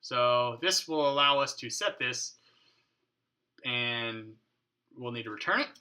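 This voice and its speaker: A man's voice: medium pitch, animated, takes it slowly, sharp tone. A man hosting a casual coding tutorial at his home desk, thinking aloud, muttering to his code and joking with mild swearing. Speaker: programming tutorial host. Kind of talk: casual screencast coding walkthrough.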